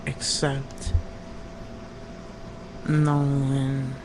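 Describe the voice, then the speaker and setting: A man voicing a halting prank caller posing as an impostor, calling from a construction site. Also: monotone. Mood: deadpan. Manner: slow, halting, with many pauses and fillers. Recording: rumbling construction noise behind a phone call.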